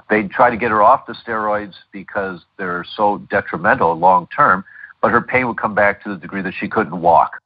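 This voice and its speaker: A man's voice: deep voice, breathy edge, lo-fi sound. A middle-aged man speaking as a guest doctor in an interview, telling stories with many fillers and restarts. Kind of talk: interview over a call.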